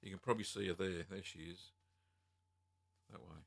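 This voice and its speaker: An Australian man hosting a casual live-stream Q&A from home, reading out viewer comments and answering in a relaxed, chatty way with many ums. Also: sits low, moderate pace, creaky. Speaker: host answering viewer questions.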